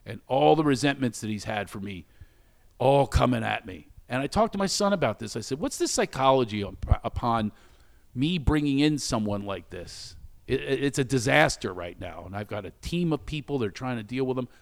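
A middle-aged man telling a candid personal story about shame and recovery, acting out the quoted lines with sudden high exclamations. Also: animated, moderate pace, creaky. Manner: self-reflective, speaks openly about recovery and shame.

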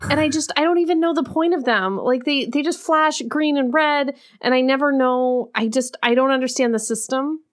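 A woman co-hosting a casual chat, expressive and given to mock-exasperated rants. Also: high-pitched, moderate pace, hardly any pauses. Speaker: podcast co-host.

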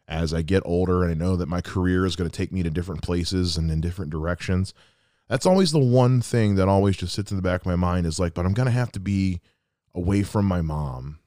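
A man's voice: low-pitched, a little mellow, no room sound. A man in his thirties hosting a solo podcast, talking earnestly and reflectively about someone close to him. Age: 30s. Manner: earnest and reflective, with quoted asides. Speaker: podcast host. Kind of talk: heartfelt solo podcast monologue.

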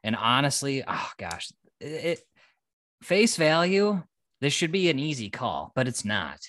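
A man's voice: mid-range voice, sing-song, a little slow, a bit bright, no room sound. Dry-sounding easygoing young male host. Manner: easygoing, teasing, runs the segments. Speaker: podcast host. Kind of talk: casual chat.

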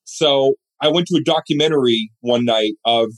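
Animated man telling a story. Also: medium pitch, normal speed. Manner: animated storyteller who acts out other people's voices. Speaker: guest. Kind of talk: storytelling interview chat.

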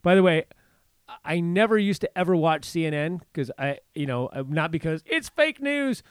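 A man's voice: on the high side, expressive, moderate pace, smooth, no room sound, studio quality. A man co-hosting a casual political chat, rambling with frequent restarts and acting out others' words in a raised voice. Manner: rambling, with many restarts and stammers.

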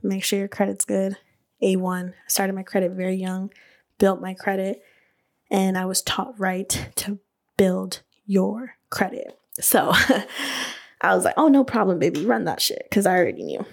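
A woman hosting a podcast, telling her own story in a casual, animated way. She fills her talk with "like", laughs often and swears freely. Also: mid-range voice, a little slow, gravelly. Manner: chatty and animated, many "like" fillers, laughs. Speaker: podcast host and beauty business owner.

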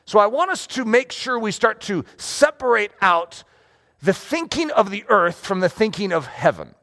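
A man preaching a sermon as pastor, conversational and animated, often checking in with his listeners. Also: sits high, normal speed.

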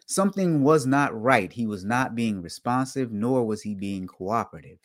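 A man hosting a casual live talk show for auditors, dry in his humor, repeating his points and jumping up in pitch and volume to stress them. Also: moderate pace. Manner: animated, jumps up in pitch and volume for emphasis. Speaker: host of an online show for auditors.

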